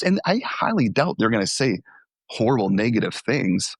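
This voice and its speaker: A man's voice: lowish voice, very animated, moderate pace, husky, no room sound. A young adult man, a former youth pastor, telling candid stories in an interview, with fillers and restarts.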